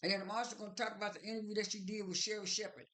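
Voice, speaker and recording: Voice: mid-range voice, level tone, very fast, sharp tone. A vlogger casually retelling a reality show episode at length, full of fillers, restarts and strings of "and then.". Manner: rambling, many fillers and restarts; strings events together with "and then".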